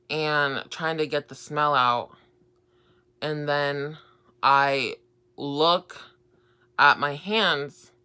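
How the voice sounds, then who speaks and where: Slow, rambling young woman vlogger. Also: deep voice, sharp tone, smooth. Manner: rambling, lots of fillers and repeats. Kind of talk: casual storytime vlog.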